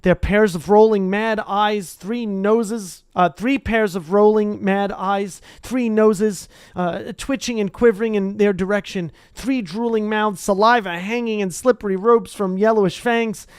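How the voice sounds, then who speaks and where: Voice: medium pitch, fairly even intonation, measured pace, hardly any pauses, smooth, no room sound, clean studio sound. A reader reading a children's fantasy book aloud casually, chatty and rambling with self-corrections in the asides. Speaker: audiobook reader.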